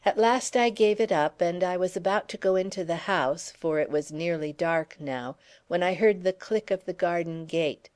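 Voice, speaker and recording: A woman narrating a classic adventure audiobook in steady, measured first-person storytelling. Her voice sits on the low side for a woman. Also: clear, resonant tone. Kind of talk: scripted narration.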